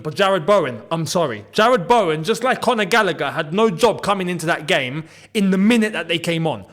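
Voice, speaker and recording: A young man hosting a football channel, ranting in an animated way and hammering points home by repeating them. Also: high-pitched.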